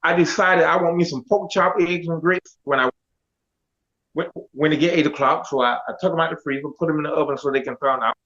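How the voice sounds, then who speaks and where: A middle-aged man tells his life story in a high, lively voice and acts out the lines of the people in it. The recording sounds dull and lo-fi. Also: fairly quick. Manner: animated, quotes others in dialogue. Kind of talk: casual storytelling. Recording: dull lo-fi audio.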